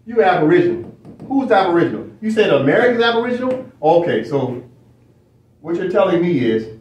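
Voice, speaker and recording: A high-voiced man lecturing as he reads from a screen. He presses his points with repeated phrases and rhetorical questions. He sounds a little off mic in an echoey room. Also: big pitch swings, fairly quick, distant mic, lo-fi sound. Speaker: study session teacher. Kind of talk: lecturing while reading from a screen.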